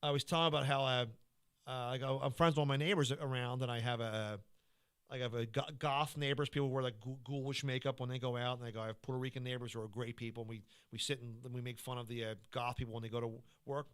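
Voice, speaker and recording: A man's voice: mid-range voice, steady tone, fast talker, a bit bright, clean tone. A man, a stand-up comedian, chatting casually on a podcast and telling rambling stage stories with lots of restarts and laughs. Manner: rambling, self-interrupting, laughing storyteller.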